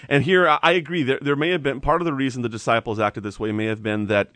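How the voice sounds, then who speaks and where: A man's voice: mid-range voice, fast, hardly any pauses, fairly bright tone, no echo. A man in a conversational Bible study, explaining doctrine in an earnest, explanatory way.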